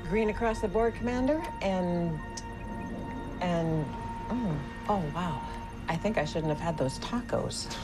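An actress playing an ailing female astronaut, speaking haltingly through groans of pain. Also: on the low side, natural voice. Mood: uneasy. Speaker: astronaut in a film clip. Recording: film soundtrack under loud music.

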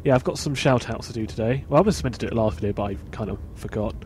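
A man talks through a horror game at a middling pitch. He is casual and a bit jumpy, muttering asides to himself as he plays. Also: rapid-fire, darkish tone, slight background noise. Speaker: let's play host. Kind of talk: casual gameplay commentary.

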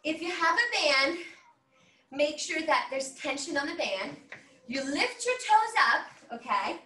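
This fitness instructor, a woman with a high-pitched, animated voice and sharp tone, talks a little slowly while coaching an online class and exercising along. She cheers with whoops in an upbeat way and sounds slightly out of breath. Recorded by a laptop mic at a distance on a video call, it sounds roomy.

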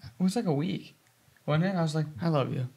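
A man's voice: on the high side, a little fast, vocal fry, darkish tone, breathy edge. A man co-hosting a podcast in casual chat, telling joking stories and acting out what people said. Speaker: podcast co-host.

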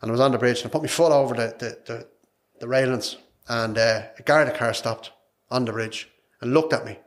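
A man's voice: medium pitch, brisk. An Irish man, a podcast guest, telling a personal story in a frank, emotional, rambling way, repeating his words. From Ireland.

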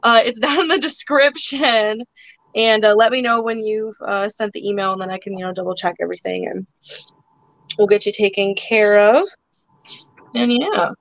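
A woman runs a live online sale, talking in a loose, chatty way with many "like"s and "um"s. Her voice sits at an ordinary pitch and sounds close and dry. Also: normal speed, fairly bright tone, dry recording, low-quality recording. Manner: chatty, full of "like" and "um" fillers. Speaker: live auction seller. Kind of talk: casual live-stream sales chat.

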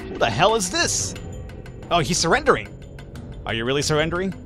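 Excitable male gamer over game music. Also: on the high side, brisk. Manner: excitable, swearing, bemused. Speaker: let's play gamer. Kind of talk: casual gameplay commentary.

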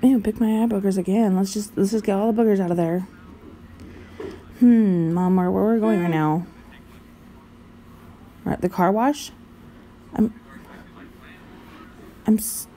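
A woman's voice: medium pitch, measured pace, pauses often, dark tone, a little hiss or hum. A woman vlogger giving goofy, sing-song commentary while playing a driving game. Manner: silly, giggly, sing-song rambling.

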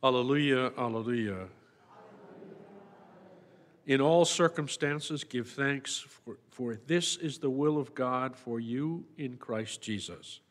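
A man's voice: mid-range voice, slight background noise. Male priest, mid voice, formal liturgical reading, church reverb. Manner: measured, formal recitation.

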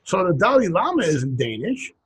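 A man co-hosting a casual comedy podcast reads out funny sayings, chuckling and slipping into silly put-on voices. His voice is high and sing-song with a breathy edge, at normal speed.

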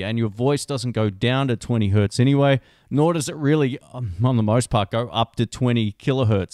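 A man's voice: medium pitch, darkish tone, dry recording. A man, casually explaining and reviewing a microphone in a home studio, speaking close into a handheld dynamic mic. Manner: chatty, explanatory, conversational asides. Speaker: tech reviewer.

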